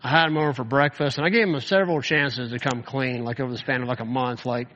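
A man teaching a Bible class in a loose, chatty way, peppering his talk with "like" as he tells stories. His voice sits at an ordinary middle pitch. It carries a long reverb from a hall and comes through on somewhat dull, muffled audio. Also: steady tone, fast talker, a bit bright, a little hiss or hum. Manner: casual, lots of "like" fillers.

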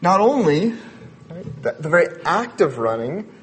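A man's voice: a little high, very animated, a little slow, a little hiss or hum. Man preaching a conversational sermon. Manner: conversational preaching with personal stories, rising emphasis. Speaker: pastor.

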